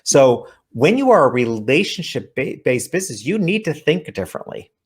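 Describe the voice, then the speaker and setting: A man's voice: medium pitch, sing-song, normal speed, slightly rough. A man, an author guesting on an interview show, talking earnestly as he explains his ideas. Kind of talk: interview conversation.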